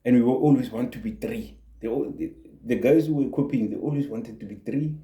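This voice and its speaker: A man's voice: mid-range voice, fairly quick, warm tone. A man, a YouTube creator, giving an earnest motivational talk and repeating words for emphasis. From South Africa. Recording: echoey room.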